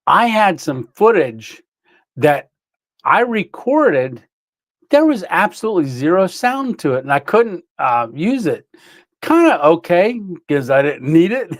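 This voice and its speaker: Livestream host, male, rambling and good-humored, slightly higher voice, dry mic. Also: dry recording. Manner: rambling storyteller, frequent fillers and laughs. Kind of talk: casual livestream chat with viewers.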